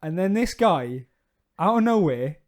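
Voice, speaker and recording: A young man co-hosting a podcast, joking and chiming in with quick reactions. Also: high voice, very animated, a little mellow. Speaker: podcast co-host. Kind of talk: casual banter.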